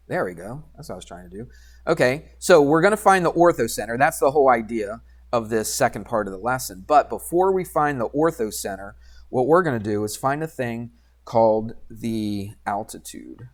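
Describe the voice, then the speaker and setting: Male math teacher, easygoing classroom delivery, quizzes the class, mutters while clicking through software. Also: mid-range voice, lively intonation, normal speed. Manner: conversational, asks students questions and answers himself; talks while working drawing software, mutters asides. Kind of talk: classroom geometry lesson.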